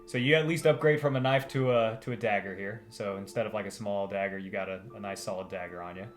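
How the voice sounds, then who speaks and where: A man running a tabletop game as game master, explaining in a relaxed way with fillers. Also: on the low side, quick pace.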